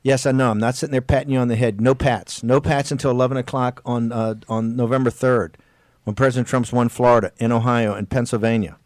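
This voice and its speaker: A man of middle pitch hosting political talk radio in a hard-driving, exhorting manner. He leans on stressed words and stretches them out, and restarts phrases as he pushes on. The sound is dry and close to the mic. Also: steady tone, quick pace, no echo.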